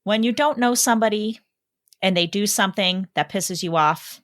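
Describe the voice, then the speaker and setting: A woman's voice: medium pitch, moderate pace, fairly bright tone. A woman co-hosting a podcast, chatting casually, reacting to a story and giving plain advice. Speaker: podcast co-host. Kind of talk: casual chat.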